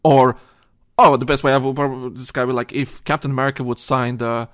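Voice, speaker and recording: A man's voice: mid-range voice, flat delivery, fast talker. A young adult man hosting a podcast, ranting heatedly in casual talk, full of "you know" and restarts. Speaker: podcast host.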